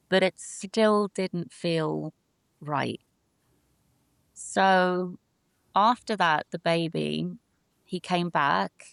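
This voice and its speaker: A woman's voice: lowish voice, creaky, clear, resonant tone, no echo. A woman in her forties, originally from England, telling the story of how her sanctuary began in an earnest, vivid way. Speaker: sanctuary founder, guest. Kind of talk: storytelling in an interview.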